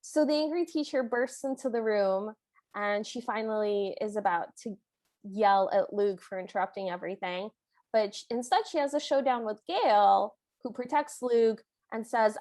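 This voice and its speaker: A woman with a fairly high voice co-hosts a podcast and retells scenes in an animated way, briefly acting out the characters. Her voice is recorded close and dry. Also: normal speed, no room sound. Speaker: podcast co-host. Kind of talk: casual movie recap chat.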